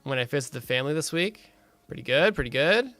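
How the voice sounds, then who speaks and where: Laid-back young man streamer, bright voice. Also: on the high side, expressive, fast, no room sound, faint music behind. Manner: laid-back, swears, laughs often, reads chat aloud. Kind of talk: casual stream chat.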